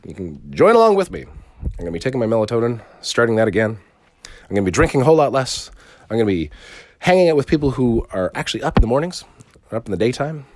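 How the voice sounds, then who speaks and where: A man's voice: medium pitch, dry recording, studio quality. A man hosting a casual solo podcast, rambling and swearing freely, often restarting his sentences. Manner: rambling and profane, with frequent restarts. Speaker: podcast host.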